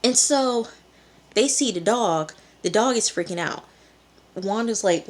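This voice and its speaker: A woman's voice: mid-range voice, animated, unhurried. A woman recapping and reviewing a TV episode in a chatty, rambling way, recorded on a hand-held phone. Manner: chatty, rambling, with frequent fillers. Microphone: phone camera held in hand.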